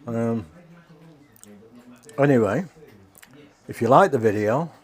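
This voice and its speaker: A chatty home-cooking vlogger, a man who talks casually through a taste test. He chews as he speaks and talks with his mouth full between bites. His voice sits at an ordinary middle pitch. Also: lively intonation, slow pace.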